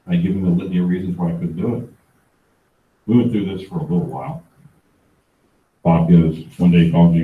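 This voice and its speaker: A middle-aged man giving a motivational talk at a real estate planning event, an animated storyteller who acts out the dialogue. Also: low-pitched, brisk, pauses often, phone-quality sound, slight background noise. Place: event room. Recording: echoey room, distant mic.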